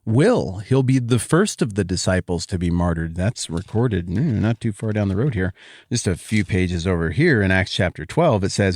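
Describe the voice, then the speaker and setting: A man hosting a Bible podcast, teaching in a joking, animated way that swings from excited to quiet. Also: low-pitched, a little slow, dry recording, clean studio sound.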